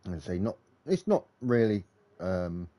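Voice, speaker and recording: A man with a low, mellow voice gives live racing league commentary. He talks in a relaxed, chatty way and thinks aloud between updates. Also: measured pace.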